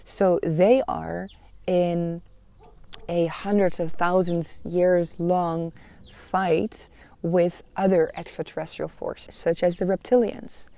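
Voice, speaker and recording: A woman's voice: fairly low pitch, little pitch movement, slow, dark tone. A woman hosting a personal podcast, talking in an earnest, confessional way with frequent "you know" fillers. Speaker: podcast host.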